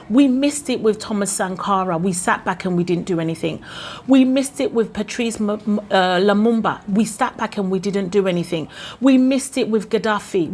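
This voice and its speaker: A woman with a Ghanaian accent, ranting with passion in a vlog, full of indignant rhetorical questions. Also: mid-range voice. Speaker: vlogger. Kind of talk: impassioned political rant.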